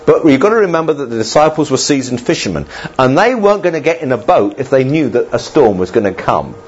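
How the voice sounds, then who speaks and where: Animated preacher, husky voice. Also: male voice, medium pitch, fast talker, lo-fi sound. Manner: conversational, animated preaching with asides to the congregation. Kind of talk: sermon.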